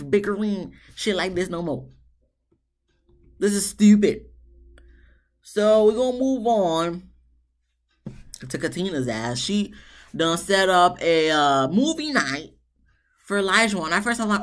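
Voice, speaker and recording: A woman giving a casual, blunt and profane recap of a reality TV episode, mimicking the cast in exasperated asides. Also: medium pitch. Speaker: reality TV reviewer.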